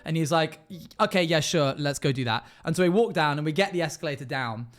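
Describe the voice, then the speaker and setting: A man's voice: fairly high pitch, fairly quick, faint music behind. A man streaming live, telling a story to his chat in a casual way and acting out the other people in it.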